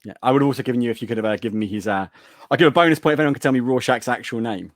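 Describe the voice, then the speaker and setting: A man's voice: mid-range voice, very fast, no echo, clean studio sound. Man hosting a quote quiz. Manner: playful, reads out quotes and teases. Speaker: podcast host running a movie quote quiz. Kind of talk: casual chat.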